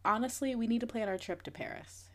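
A woman's voice: fairly high pitch, fast talker, a bit bright. A woman in her twenties co-hosting a podcast, chatting in a laid-back way and laughing easily. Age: 20s. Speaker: podcast co-host. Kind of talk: casual chat.

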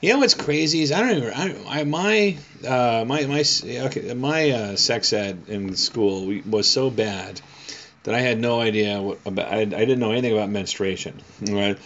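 A male podcast host in casual chat, rambling and often restarting his sentences. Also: fairly low pitch. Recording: slightly dull lo-fi.

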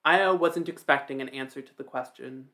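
A man narrating a fantasy story in a steady, even reading. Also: medium pitch, normal speed.

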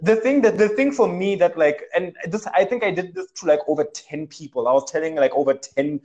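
A man's voice: a little high, fairly quick, dull audio. A young man, telling a personal story in a casual chat and leaning heavily on fillers like "like". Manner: animated, filler-heavy storytelling with many "like"s.

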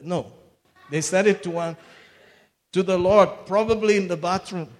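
High-voiced preacher in an echoey hall. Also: male voice, measured pace. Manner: animated, swings between loud exclamations and hushed retelling. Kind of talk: sermon.

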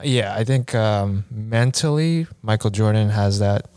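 A man's voice: fairly low pitch, measured pace, mellow, clear, resonant tone, dry recording, clean studio sound. A man in casual chat, thinking aloud with hesitant "uh" and "um" fillers.

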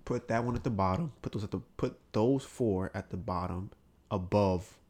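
A man hosts a casual podcast, speaking bluntly, swearing plenty, and often acting out what other people said. His voice is lowish and darkish, at a normal speed.

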